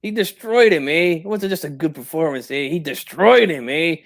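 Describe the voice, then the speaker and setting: A man's voice: on the high side, lively intonation, moderate pace, vocal fry. A man doing a comic impression of a tipsy, proud older boxing father who tags nearly every phrase with "eh?" and drops Spanish slang. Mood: wounded, tipsy. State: drinking, tipsy.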